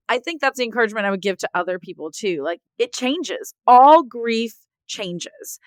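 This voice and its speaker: Earnest woman with a smooth voice. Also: on the high side, expressive, normal speed, hardly any pauses, no room sound. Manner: earnest and heartfelt, leans on "like" and "right?". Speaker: guest author. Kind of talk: candid podcast interview.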